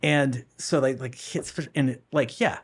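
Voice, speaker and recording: Rambling man with a middle-pitched voice. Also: fairly even intonation, moderate pace. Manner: rambling, many fillers and restarts, laughs often. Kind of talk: casual podcast conversation.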